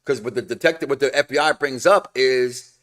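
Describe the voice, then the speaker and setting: A man's voice: mid-range voice, a little fast, crowd noise. A man co-hosting a TV recap show in casual, slangy chat, repeating phrases for emphasis.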